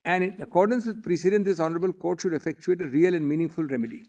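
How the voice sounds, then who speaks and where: This man's voice is high and mellow, coming rapid-fire through a muffled recording. Speaking with an Indian English accent, he argues in court as a senior advocate, formal and emphatic before the bench, repeatedly addressing the judges as "my lords."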